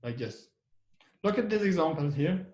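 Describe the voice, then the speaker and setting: A male English teacher gives a classroom grammar lesson in a slightly raised, fairly high voice that is expressive and a bit dark in tone, at a moderate pace. He poses questions and answers them himself, repeating and emphasizing example sentences. The recording has a strong echo from the room.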